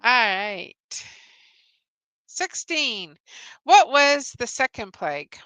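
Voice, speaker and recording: A woman with a slightly high, bright voice hosts a live-stream Bible trivia game. She talks slowly and clearly, with a smooth, crisp sound. She is cheerful, laughs often and reads her viewers' answers aloud. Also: sing-song, dry recording. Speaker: host.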